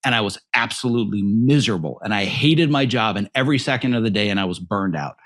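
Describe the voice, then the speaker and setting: A man's voice: lowish voice, fast talker, fairly bright tone. Reflective man podcast host. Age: middle-aged. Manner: reflective, personal storytelling. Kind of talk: conversational interview.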